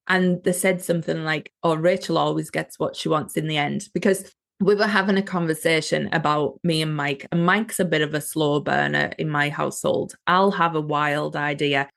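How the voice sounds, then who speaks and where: A woman's voice: deep voice, creaky. A woman hosting a solo podcast, speaking earnestly and motivationally to her listeners as a business coach.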